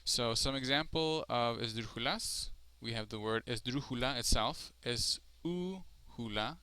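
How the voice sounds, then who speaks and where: With a smooth, bright and forceful mid-range voice and no echo, a man delivers a recorded screencast Spanish lesson. He explains step by step at a slow, deliberate pace, frequently filling gaps with um.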